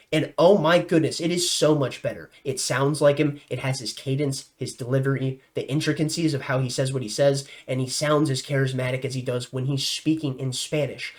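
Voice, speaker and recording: A young man giving casual, enthusiastic vlog commentary and talking straight to his viewers in an animated, effusive way. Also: mid-range voice. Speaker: news commentary vlogger.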